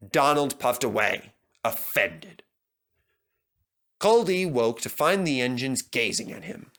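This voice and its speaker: Male narrator for a storybook, bright and expressive, lively pitch. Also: slow. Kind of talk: storybook reading.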